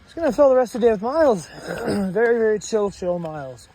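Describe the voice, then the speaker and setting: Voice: medium pitch, expressive, brisk, dark tone. A hiker from Washington state talks to the camera while walking a mountain trail. The hiker rambles and often breaks into awestruck exclamations. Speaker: long-distance hiker. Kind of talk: walking trail vlog, thinking aloud.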